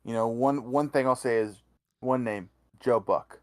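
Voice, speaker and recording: A man's voice: mid-range voice, a little slow, slight background noise. A man co-hosting a sports podcast, giving blunt opinions in casual chat with many "you know" fillers. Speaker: podcast co-host.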